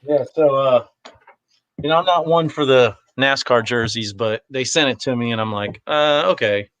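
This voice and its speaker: A man's voice: mid-range voice, fairly even intonation, moderate pace, a bit bright. A man talking as a guest in a casual chat, easygoing and rambling, with lots of fillers. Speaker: guest, competitive shooter.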